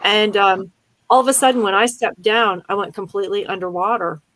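A woman's voice: mid-range voice, fairly even intonation, fairly quick, a bit bright, poor audio. An older woman from Pennsylvania, chatting casually and telling a long personal story with many fillers and restarts. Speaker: conversation partner. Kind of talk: casual chat.

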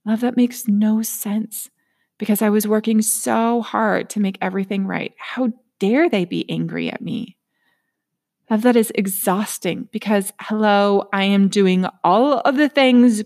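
A woman's voice: mid-range voice, a little mellow. A woman giving a reflective motivational talk, earnest and candid, sometimes dropping to a near whisper.

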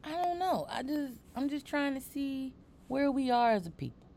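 A woman's voice: high voice, very animated, normal speed, a little mellow, slight background noise. A woman hosting a podcast in casual chat, playful and teasing, talking with lots of energy. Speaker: podcast host.

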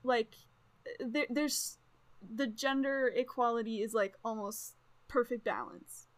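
A woman from the United States co-hosting a casual podcast, excitable and rambling, with loud bursts of laughter. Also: fairly high pitch, takes it slowly. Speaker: podcast co-host.

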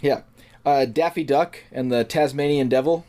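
A man's voice: mid-range voice, moderate pace, warm tone. A man co-hosting a podcast, explaining things with an amused, chatty manner. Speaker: podcast co-host. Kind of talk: casual chat.

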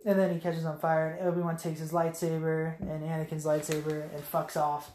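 A woman in casual chat, retelling movie scenes with lots of swearing and quick quoted voices. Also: low-pitched, monotone, warm tone. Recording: echoey room.

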